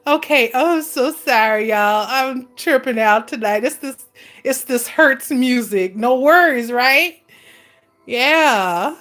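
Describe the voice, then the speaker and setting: A woman hosts a casual stream and answers viewer comments with teasing asides and frequent laughter. Her voice sits a little high, and she speaks slowly and easily. Faint music plays behind her. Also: fairly bright tone. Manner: laughs often, teasing, calls viewers honey. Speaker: livestream host reading viewer comments. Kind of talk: casual chat.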